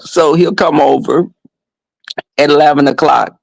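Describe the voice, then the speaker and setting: A man's voice: fairly high pitch, expressive, unhurried, vocal fry, no room sound, rough recording. A man vlogging, telling crude comedic stories to his viewers in a flamboyant, brash way with lots of swearing.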